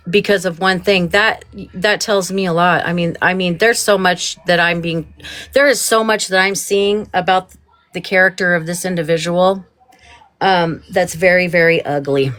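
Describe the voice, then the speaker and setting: Lowish voiced woman ranting on her live, swearing a lot, heated and rambling. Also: fairly bright tone. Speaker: livestream host. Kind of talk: angry livestream rant.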